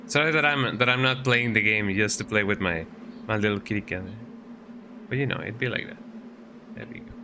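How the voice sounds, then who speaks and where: A man's voice: lowish voice, a little fast, pauses often, noisy background. A young man streaming a video game, rambling casually and cooing baby talk at his cat between moves. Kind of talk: casual gameplay commentary. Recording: game music behind the voice.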